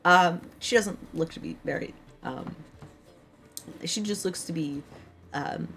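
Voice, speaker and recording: A woman's voice: lowish voice, slow pace, vocal fry, a bit bright, slight background noise. A woman with a tired, strained voice, narrating a tabletop game as game master, rambling with many ums and likes.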